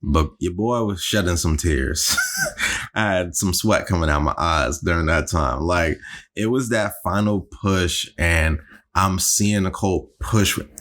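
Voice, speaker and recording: Deep-voiced young man telling a story. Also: measured pace. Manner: animated, acts out quotes in a high voice, laughs often. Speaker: podcast co-host. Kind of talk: casual storytelling chat.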